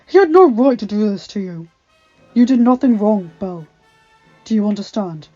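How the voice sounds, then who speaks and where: A woman's voice: on the low side, flat delivery, normal speed, warm tone, natural voice. A woman doing a snarling beast prince. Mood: fierce. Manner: growling, snarling, fierce. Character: fierce male beast prince, protective, growling. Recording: slightly dull, faint background music.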